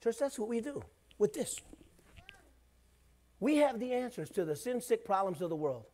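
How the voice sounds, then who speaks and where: A middle-aged man, the pastor, preaching a sermon in a conversational way, swinging between loud bursts and hushed asides. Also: very high-pitched, big pitch swings, moderate pace.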